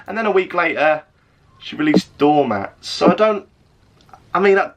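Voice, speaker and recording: A man's voice: fairly high pitch, expressive, moderate pace, dull audio, over music. Sweary, sarcastic young man. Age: 20s. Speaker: YouTuber. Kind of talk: casual vlog rant.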